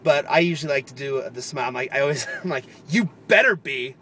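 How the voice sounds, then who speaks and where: A man's voice: mid-range voice, steady tone, very fast, a bit bright, a little hiss or hum. A man chatting casually in a vlog, rambling and laughing often as he explains a prank. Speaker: vlogger.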